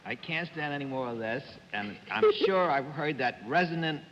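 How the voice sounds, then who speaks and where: A man's voice: a little high, lively intonation, normal speed, a bit bright, long reverb tail, muffled recording. A man serving as a panelist on a 1950s TV game show, wry and playful, often laughing. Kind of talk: witty panel game banter. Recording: old 1950s TV broadcast.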